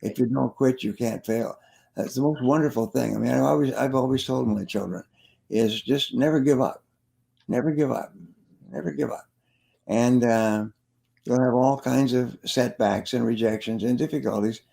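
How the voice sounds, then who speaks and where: A man's voice: medium pitch, moderate pace, creaky, mellow. A man, a sales trainer and motivational speaker, telling stories in an interview and repeating his key phrases for emphasis. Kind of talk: interview storytelling.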